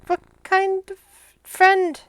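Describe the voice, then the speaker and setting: A woman voicing a small, timid flying monkey in a cage, speaking in a halting, frightened, pleading way. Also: very high-pitched, completely flat delivery, a bit bright, no room sound, pitched above the performer's own voice, heavily acted.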